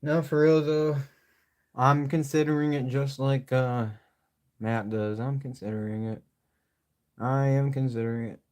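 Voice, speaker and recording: A man's voice: medium pitch, steady tone, measured pace, long pauses, a little mellow, smooth. Young man rambling as he paints live. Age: young adult. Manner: loose, joking, swears freely, talks to himself. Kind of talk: rambling live-stream chat while painting.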